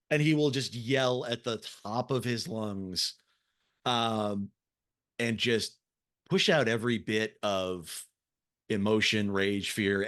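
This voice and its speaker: A man's voice: fairly low pitch, fairly bright tone, no echo. A man playing in a tabletop game, describing his character's actions with hesitant fillers. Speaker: player. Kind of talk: casual tabletop play.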